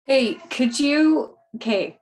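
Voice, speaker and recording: Slow, halting woman student. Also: high-pitched, expressive, darkish tone. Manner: halting, unsure. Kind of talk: asking questions in class.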